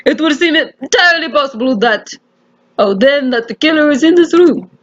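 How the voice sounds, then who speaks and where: A woman voicing a pompous male police chief inspector, speaking slowly and formally in a wobbly put-on foreign accent. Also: high voice, lively intonation, highs cut off.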